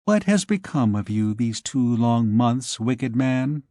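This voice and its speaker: A man's voice: mid-range voice, expressive, slow pace, mellow, dry recording, clean studio sound. A man voicing a tender, reproachful young noblewoman in an audiobook, with coaxing, pleading questions. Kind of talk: audiobook character voice.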